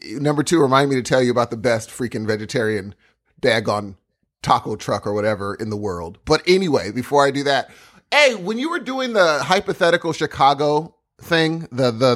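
A man co-hosting a podcast, chatting casually, excitable and stumbling over his words. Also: mid-range voice, moderate pace. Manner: excitable, stumbling restarts, says dude. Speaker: podcast co-host.

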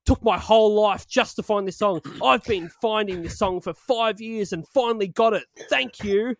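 A man's voice: high-pitched, normal speed, no room sound. A man co-hosting a podcast in casual banter, laughing often, swearing and reading comments aloud. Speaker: podcast co-host.

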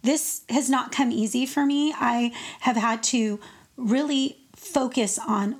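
A woman's voice: a little high, takes it slowly, husky. A woman worship leader in an earnest, casual devotional chat about faith. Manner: earnest, animated when retelling stories.

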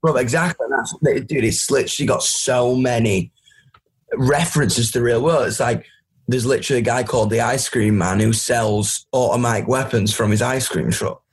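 A loud man with a Yorkshire accent, talking as an interview guest. His voice is husky and a little rough. He rambles through his stories and swears freely. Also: medium pitch, moderate pace. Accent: Yorkshire English. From Doncaster, England. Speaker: guest musician. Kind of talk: casual interview chat.

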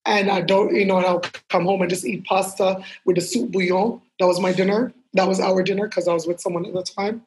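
A woman fashion model talks as an interview guest, telling stories with energy. She acts out other people's lines as she goes. Her voice sits at a medium pitch. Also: fairly quick, hardly any pauses, a little hiss or hum, low-quality recording. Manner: lively storyteller who acts out quotes. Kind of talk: casual storytelling interview.

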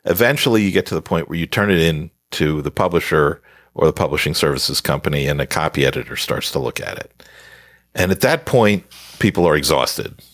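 A man's voice: extremely low pitch, animated, fairly quick, fairly bright tone, dry recording. A man, an author guest on a podcast interview, explaining his advice emphatically and scolding playfully.

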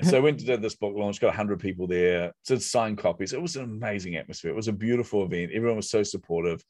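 A middle-aged man, a guest in a conversation, telling a story in an animated, self-mocking way and acting out his own inner voice. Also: on the low side, quick pace, hardly any pauses, no echo.

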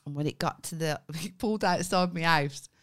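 A woman's voice: low-pitched, normal speed. A young woman, casually chatting and telling stories on a podcast, swearing freely. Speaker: podcast co-host.

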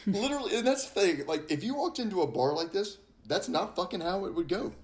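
A man's voice: high voice, expressive, fairly quick. A man chipping in wry comments in a casual movie podcast chat.

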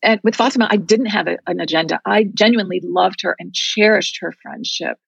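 A woman's voice: mid-range voice, fairly quick, creaky, slightly rough, no echo, highs cut off. A woman guest in an interview telling a story in an earnest, heartfelt way.

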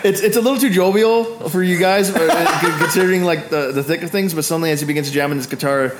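A man's voice: on the high side, fast, very noisy. A man running a tabletop game as dungeon master, narrating combat loosely with fillers and laughs.

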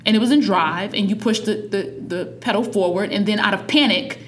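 Animated storytelling mother. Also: mid-range voice, a little fast. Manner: animated storytelling, acts out quotes. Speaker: parent. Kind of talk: casual conversation.

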